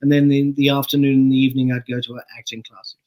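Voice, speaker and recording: A middle-aged man from Canada, a guest actor telling stories in a relaxed, chatty way, laughing and swearing casually. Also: mid-range voice, fast, rough recording. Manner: relaxed anecdotal storytelling, laughs and swears freely. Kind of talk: casual interview chat.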